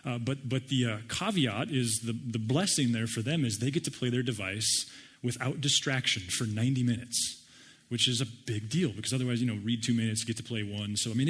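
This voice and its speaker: A middle-aged man preaching a sermon and telling personal stories with animated, self-deprecating humor. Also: mid-range voice, husky. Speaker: pastor.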